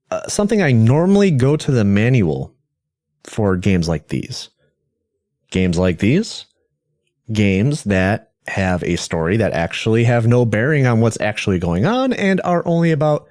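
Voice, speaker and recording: A man's voice: mid-range voice, a little mellow, dry recording, studio quality. A man hosting a game podcast, talking casually with wry, self-deprecating asides. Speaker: podcast host. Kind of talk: casual commentary.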